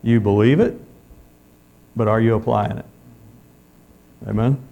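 Gravelly preacher man. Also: lowish voice, normal speed, lo-fi sound. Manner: folksy, calls out amen often. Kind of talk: sermon.

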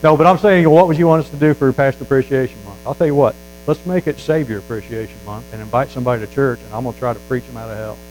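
A man preaching a sermon as a Baptist pastor, folksy and emphatic, building to loud fervor. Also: medium pitch, quick pace, few pauses, a little hiss or hum, rough recording.

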